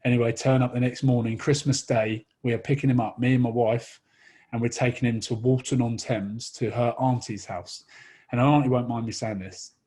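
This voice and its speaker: A husky-voiced Englishman in his thirties spins a rowdy anecdote with animated energy. His voice sits at an ordinary pitch with a rough, breathy edge, and he is quick to break into laughter. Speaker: guest, rugby player. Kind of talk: casual storytelling chat.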